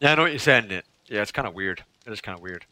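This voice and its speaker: A man's voice: lowish voice, expressive, very fast, sharp tone. A man chatting casually with his viewers during a game livestream. He laughs often. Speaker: game streamer.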